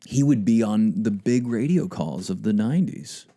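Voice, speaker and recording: A man's voice: fairly low pitch, lively intonation, normal speed, dark tone. A man co-hosting a comedy sports podcast, amped up, joking and laughing a lot in casual banter. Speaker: co-host.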